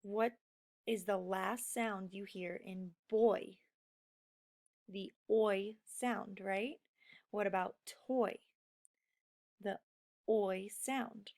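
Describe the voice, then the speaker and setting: A woman teaching a recorded phonics lesson, explaining slowly and patiently to young students. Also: mid-range voice, darkish tone.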